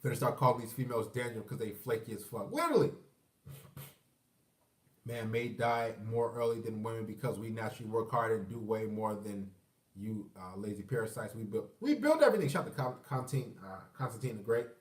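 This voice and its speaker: A man's voice: on the low side, lively intonation, brisk. A man ranting in a profane, emphatic, combative livestream monologue. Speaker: vlogger. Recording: echoey room, far from mic.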